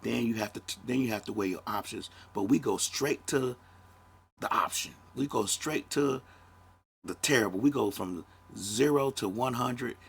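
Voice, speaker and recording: Gravelly, blunt man in his fifties. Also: medium pitch, normal speed. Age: 50s. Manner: blunt, profane, conversational. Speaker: podcast host. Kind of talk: casual monologue.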